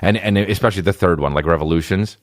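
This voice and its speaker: A man's voice: deep voice, fast talker, no room sound, clean studio sound. A man hosting a comedy podcast, riffing and jumping into exaggerated character voices. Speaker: podcast host.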